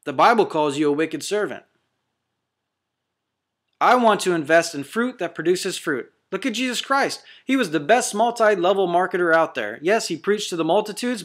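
A man's voice: high-pitched, fairly bright tone. A man preaching as a deliverance minister, fervent and confrontational, hammering out short repeated declarations. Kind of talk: preaching sermon to camera.

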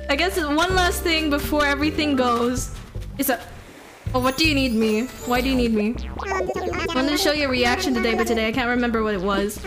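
A woman streaming a game live, chatting playfully, giggling and letting out excited yelps. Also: high-pitched. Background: game music.

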